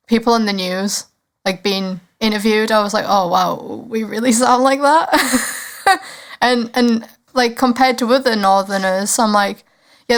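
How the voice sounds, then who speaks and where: Shy young Cumbrian woman on a podcast. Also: medium pitch. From West Cumbria, England. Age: 20s. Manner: shy, brief replies with small laughs. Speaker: podcast co-host. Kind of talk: casual chat.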